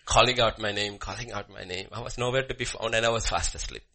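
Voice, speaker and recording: A man preaching a sermon with a personal story, swinging from loud emphasis to hushed murmurs. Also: fairly low pitch, fast. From Bhutan.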